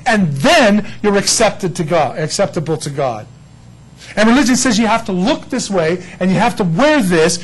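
A man preaching a sermon as pastor, lively and conversational, acting out little dialogues with God. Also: sits high, breathy edge, rough recording.

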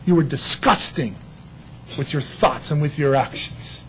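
A man preaching a sermon as pastor, lively and conversational, acting out little dialogues with God. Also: fairly high pitch, unhurried, slight background noise, low-quality recording.

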